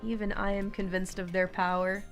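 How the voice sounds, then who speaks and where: A woman hosting a relaxed live stream from home, chatting casually, laughing often and cooing at her cat. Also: mid-range voice, moderate pace. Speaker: livestream host. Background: faint background music.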